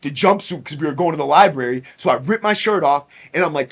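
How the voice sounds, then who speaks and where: A man's voice: fairly high pitch, expressive, fast talker. Blunt, profane man telling a story. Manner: profane, blunt, street slang. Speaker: podcast host. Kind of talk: casual storytelling.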